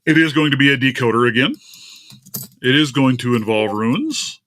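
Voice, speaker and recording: A man's voice: mid-range voice, normal speed, a bit bright. A man hosting a casual live stream, chatting and grumbling aloud while his screen share fails. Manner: chatty, grumbling at tech trouble, talks to his cat. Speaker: livestream host.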